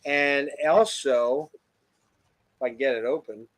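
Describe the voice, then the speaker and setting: A man's voice: mid-range voice, slow pace, fairly bright tone, slight background noise. A man hosting a casual album review show, enthusiastic and swearing freely as he gushes over tracks. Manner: enthusiastic, profane, gushing. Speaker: podcast host reviewing albums. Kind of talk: casual music chat.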